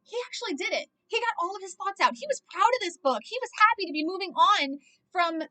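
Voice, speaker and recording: Very high-pitched, fast, and animated, this young woman's voice sounds pushed and bright. She rambles on reacting to a movie, leaning heavily on "like" and cursing often.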